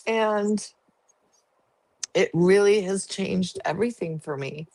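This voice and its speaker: A woman's voice: medium pitch, expressive, measured pace, no room sound. A woman guest sharing her story in an interview, earnest and emotional. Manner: earnest, emotional, laughs easily.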